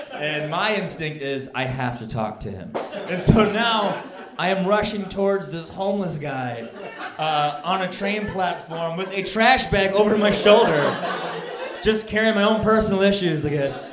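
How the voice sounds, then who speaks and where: A man doing a stand-up comedy set, telling a long story and building to loud, exasperated punchlines. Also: sits high, background noise. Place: comedy club stage with a laughing audience. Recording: roomy club recording with crowd laughter.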